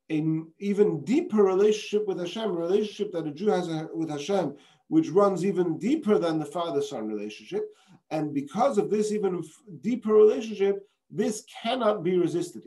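A man's voice: a little high, darkish tone. A man teaching as a rabbi, reading a passage and explaining it with rhetorical questions, Hebrew terms and frequent restarts. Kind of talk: explaining a text.

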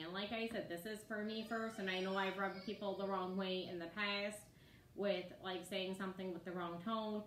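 A woman's voice: medium pitch, a little hiss or hum. A woman giving a casual, conversational sermon, often checking in with her listeners as she talks. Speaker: ministry teacher. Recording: echoey room with faint ambience.

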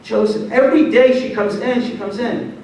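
Guy giving a motivational talk, lively storyteller who asks the crowd questions, fairly high voice, super echoey hall, mic far off. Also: moderate pace, gravelly, muffled recording, a little hiss or hum. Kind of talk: motivational lecture with stories. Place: large hall before an audience.

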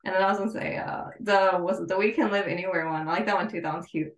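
Woman interviewer, quick hesitant speech, echoey room, far from the mic. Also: fairly low pitch, steady tone. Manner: hesitant, filler-heavy "like" phrasing. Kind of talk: casual interview questions.

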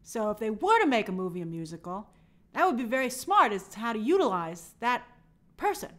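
A woman's voice: on the high side, big pitch swings, a little fast, fairly bright tone. A young woman hosting a movie live stream, chatting upbeat and reading out viewer comments.

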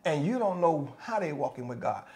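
Passionate preaching pastor, higher voice. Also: male voice, big pitch swings, brisk. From United States. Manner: passionate, rising to loud exhortation; folksy, repetitive preaching cadence. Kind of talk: sermon and prayer.

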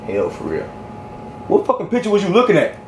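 A man's voice: high-pitched, huge pitch swings, brisk, a little mellow, slight background noise. A young man in a comedy skit, telling a story and then bursting into profane, panicky outbursts. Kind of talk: acted horror comedy skit.

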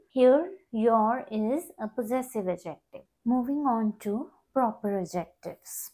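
A woman's voice: fairly high pitch, mellow. A woman teaching an English grammar lesson, explaining step by step and often repeating words.

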